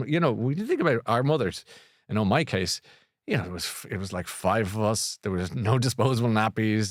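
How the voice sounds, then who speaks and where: With a fairly low pitch, the middle-aged man from Ireland hosts a podcast, chatting loosely and recommending a book amid frequent restarts and self-corrections. The recording is dry and studio quality.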